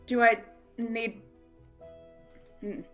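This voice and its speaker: A woman's voice: on the high side, level tone, extremely slow, a bit bright, faint music behind. A woman playing a tabletop game, playful and giggly, switching between acting and describing. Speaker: player. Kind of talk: tabletop role-play, in and out of character.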